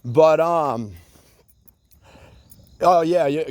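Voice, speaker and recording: A man's voice: on the high side, expressive, measured pace, darkish tone, no echo. A man in a rambling solo rant, agitated and profane, repeating himself with many fillers and bits of sarcasm.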